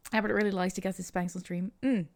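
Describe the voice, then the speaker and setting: A woman streamer chats casually while playing a game, laughing often and reacting to her chat. Her voice is medium in pitch, creaky and a little mellow.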